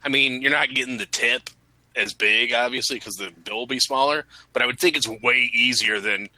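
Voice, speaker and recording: A man's voice: medium pitch, normal speed, sharp tone, poor audio. A man co-hosting a casual radio chat, joking and riffing on the stories of others. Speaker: co-host.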